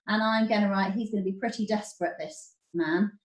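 A woman teacher, explaining writing step by step in an online lesson, clearly and encouragingly. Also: mid-range voice, steady tone, a little fast. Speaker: primary school teacher. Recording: roomy echo.

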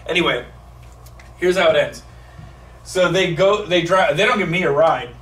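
Man, high voice, profane comedic storyteller, echoey room heard from a distance. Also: normal speed. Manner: profane, animated, acts out voices. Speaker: stand-up storyteller. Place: comedy theater stage. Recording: echoey live room, mic from a distance, background noise.

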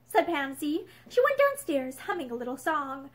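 A woman reading a novel aloud in expressive storytelling narration, in a room lined with bookshelves. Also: high voice, moderate pace, hardly any pauses. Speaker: reader. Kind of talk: audiobook narration.

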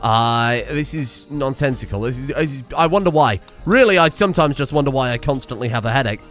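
A man giving excitable, sweary let's play commentary and yelling at the game. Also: medium pitch, fairly quick, faint music behind. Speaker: game streamer.

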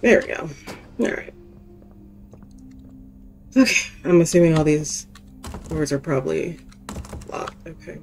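A young woman playing through a horror game, chatting to herself and her viewers in an unhurried, drawn-out way. She pokes fun at her own mistakes and talks straight back to the characters on screen. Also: low voice, vocal fry, darkish tone, soft background music. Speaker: gaming youtuber. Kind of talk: casual let's-play commentary.

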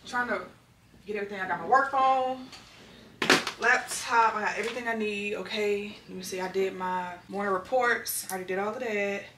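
A young woman chats candidly to her viewers from home, her medium-pitched voice brisk and steady in tone. The background is noisy, and the distant mic leaves the roomy indoor space sounding echoey.

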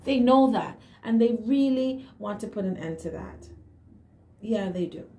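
Higher-pitched woman giving a tarot reading. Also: a little slow, mellow. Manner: emphatic, affirming asides, hums and laughs. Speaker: tarot reader. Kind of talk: casual tarot reading to camera. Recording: echoey room with faint hiss.

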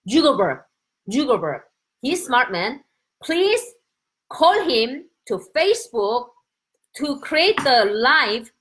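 A woman from Korea speaks English with a Korean accent while teaching her language on a casual live stream. Her voice sits high and bright, and it leaps around as she chats and laughs. She sounds excitable and spontaneous. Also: slow pace.

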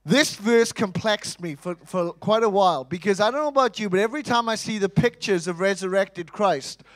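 A man preaching an Easter sermon in a lively, humorous way, calling out to the congregation for responses. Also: high-pitched, moderate pace, dry recording, low-quality recording. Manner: lively, humorous, acts out quoted voices.

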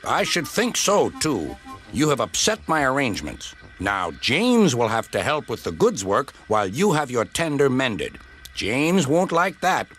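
A stern, pompous older railway boss, as a storyteller puts him on, scolding in measured tones. The voice sits close to the narrator's own, with music playing behind in this storybook series. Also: male voice, mid-range voice, sing-song, fairly bright tone, pitched above the performer's own voice.

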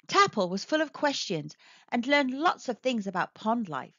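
A woman narrates a children's picture book with a bright, animated voice that rises and falls. Her storytelling is expressive and aimed at young listeners. The recording is dry and a touch muffled. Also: a little high, normal speed, no room sound. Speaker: storybook reader. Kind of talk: children's read-aloud narration. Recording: dry, slightly dull recording.

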